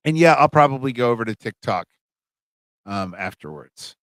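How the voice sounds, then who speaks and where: A middle-aged college humanities instructor wraps up a livestream class, chatty and rambling with plenty of fillers and restarts. His voice is medium-pitched and animated at a normal speed, recorded dry.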